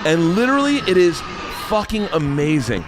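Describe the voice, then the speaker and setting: Excitable, foul-mouthed man telling a story. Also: fairly high pitch, moderate pace, a crowd in the background, noisy background. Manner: profane, excitable. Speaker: comedian. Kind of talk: casual storytelling.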